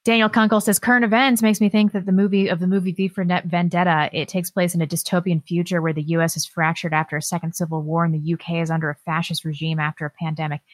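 A woman with a somewhat low voice co-hosts a casual political podcast. She is sarcastic and offhand, reading listener comments with mock sincerity. The sound is dry and close to the mic. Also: level tone, fast talker, hardly any pauses, no echo. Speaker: podcast co-host.

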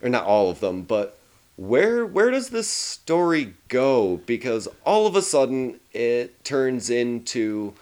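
A man's voice: mid-range voice, big pitch swings, slow, a little mellow, smooth. Casual man reviewing a film. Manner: profane, hesitant with fillers. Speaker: podcast co-host. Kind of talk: casual movie review chat.

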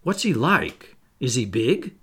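An earnest, eager young boy, voiced by a male storybook reader, firing off curious questions. The voice swings lively in pitch with a faint gravel underneath. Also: takes it slowly, exaggerated voice.

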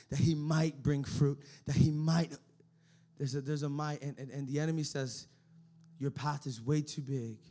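A man preaching a sermon as pastor, moving between shouted emphasis and quiet, low passages, often repeating and restarting words.

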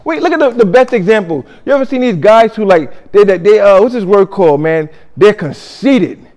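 High-voiced man preaching conversationally. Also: expressive, normal speed, darkish tone. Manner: conversational, repeats himself, leads call-and-response. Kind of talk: sermon.

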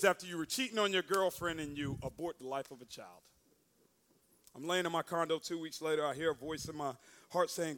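A young adult man, a guest speaker, telling a personal story as a sermon and acting out the quoted lines with sudden loud bursts. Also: high voice, fairly quick.

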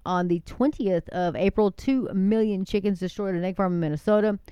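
A woman's voice: mid-range voice, brisk, dark tone, clean tone, no echo. A woman casually reading through a long list of incidents, often wandering off the list and calling her listeners "folks.". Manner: chatty, digressive, addresses listeners as folks. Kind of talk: casual monologue.

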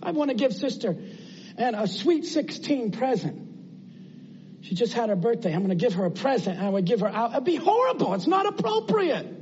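A man's voice: very high-pitched, big pitch swings, fairly quick, a little mellow, dull audio, slight background noise. A man preaching a sermon in an earnest, conversational way, asking his listeners rhetorical questions.

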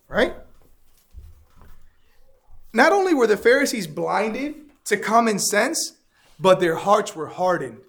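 A man's voice: high-pitched, very animated, slow pace, pauses often, a bit bright. A man teaching an interactive Bible lesson, asking the class questions and repeating their answers.

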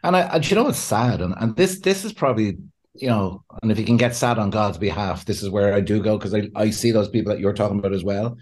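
Laid-back Irish man, low voice. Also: lively intonation, fast talker, darkish tone. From Ireland. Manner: laid-back, sincere storyteller who acts out quotes. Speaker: podcast guest, pastor and counselor. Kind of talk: conversational interview.

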